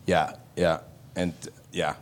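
A man, an actor answering fan questions on a panel, telling stories in a lively way, acting out other people's lines and laughing often. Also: slow pace, heavy background noise. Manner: animated, acts out other people's lines with loud jumps in pitch. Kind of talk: panel Q&A storytelling.

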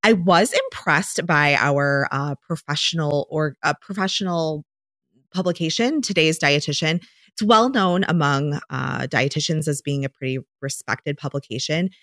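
A woman's voice: low voice, moderate pace, fairly bright tone, no echo, clean studio sound. A woman co-hosting a podcast, chatting casually and rambling with lots of fillers and restarts. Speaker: podcast co-host; dietitian. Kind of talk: casual chat.

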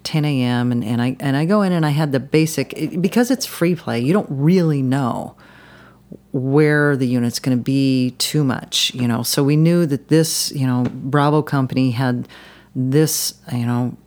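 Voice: medium pitch, normal speed, darkish tone. A podcast guest telling a long story in casual conversation, rambling with frequent restarts and fillers. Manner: rambling, many restarts and "you know"s.

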